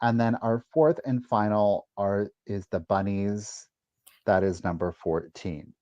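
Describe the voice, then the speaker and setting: Man, live sale host, careful detailed pitch, muffled lo-fi audio, dry close sound. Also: slow pace, mellow, no echo. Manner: careful, detailed item descriptions. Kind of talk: livestream sales pitch.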